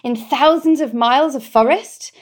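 A British woman with a voice that sits somewhat high speaks as an interview guest. She tells her story expressively and with open feeling, in an easy conversational way. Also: moderate pace. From Britain.

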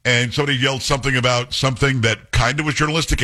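Hosting a talk radio show, a man with a mid-range voice talks rapid-fire in casual on-air banter. He's animated, teasing his co-host and breaking into mimicked voices, heard as a radio studio broadcast.

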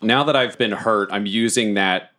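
A man's voice: lowish voice, normal speed, pushed and bright. A man playing a tabletop game, animatedly describing his character's actions. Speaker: player.

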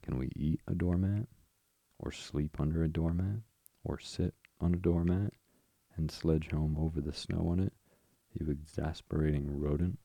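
A man's voice: extremely low pitch, fairly even intonation, moderate pace, vocal fry, dark tone, no room sound, exaggerated voice. A man reading as a fussy, pettish mole. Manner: complaining and pettish. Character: fussy, put-upon male mole in pain. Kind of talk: bedtime story reading.

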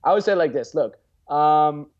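Male, 20s, guest coach; blunt, profane, slightly high voice, muffled lo-fi audio. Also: lively intonation, normal speed. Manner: blunt and profane, freely acts out example lines. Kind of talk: casual podcast chat.

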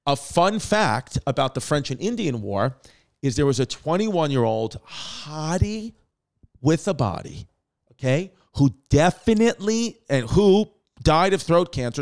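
Brash New comic riffing on history. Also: male voice, on the high side, expressive, a little slow. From Brooklyn, New York. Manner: brash, profane, rambling with jokes and asides. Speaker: comedic history host. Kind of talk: comedic history monologue.

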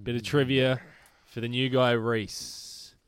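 A man co-hosting a casual podcast, running a trivia quiz in a brisk, dry way. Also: medium pitch, level tone, a crowd in the background. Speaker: podcast co-host, quizmaster. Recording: noisy background.

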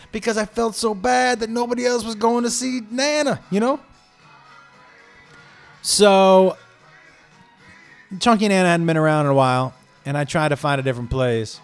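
A man with a fairly high voice tells a rambling comic story. He is animated and keeps breaking off into tangents and impressions. Soft music plays underneath. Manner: animated, jumping into digressions and voices.

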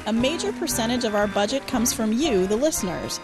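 A woman's voice: a little high, animated, a little fast, over music. A woman making a wry, friendly donation appeal for a radio show. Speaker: show announcer.

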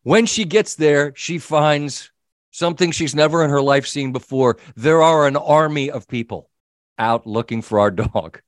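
A middle-aged man hosting a sports talk show, telling an animated story and acting out the people in it. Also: a little high, unhurried, no room sound, clean studio sound. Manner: animated storyteller, quoting himself and others. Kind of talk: casual storytelling chat.

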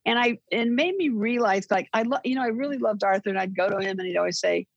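An older woman speaks as a guest, her gravelly, husky voice winding through stories with many restarts. The sound is dry and dull, like a lo-fi recording. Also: mid-range voice, quick pace, dry recording. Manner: rambling, with restarts and animated retellings. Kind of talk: casual interview storytelling.

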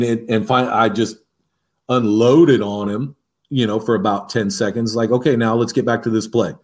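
A man with a fairly low voice tells coaching stories in an interview. He is lively and acts out the lines he shouts on the practice field, with his pitch jumping up for them. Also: normal speed. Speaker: defensive line coach. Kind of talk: interview storytelling.

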